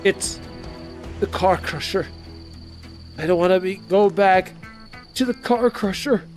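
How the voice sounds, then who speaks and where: A man's voice: sits high, slow pace, a little mellow, faint music behind. Man putting on a sobbing, frightened monster. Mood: scared. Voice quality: trembling mumble. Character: frightened weeping male killer creature.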